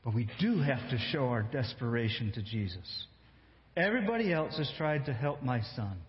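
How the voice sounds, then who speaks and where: Male pastor, slow, emphatic sermon delivery, roomy lo-fi recording with a long reverb. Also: mid-range voice, sing-song. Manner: slow, emphatic storytelling with acted-out quotes. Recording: echoey hall, dull lo-fi sound.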